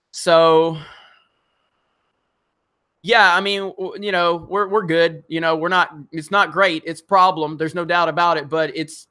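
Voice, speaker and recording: A man's voice: fairly high pitch, bright, forceful tone, clear, resonant tone. A man hosting a casual live stream, reading viewer comments and rambling in a frustrated way, with many restarts, fillers and some swearing. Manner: swears when angry.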